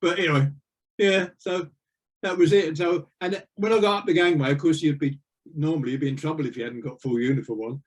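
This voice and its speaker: A man's voice: on the high side, fairly even intonation, brisk. An older man, a retired navy veteran, telling rambling anecdotes with lots of fillers in an interview. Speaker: interview guest. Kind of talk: casual storytelling.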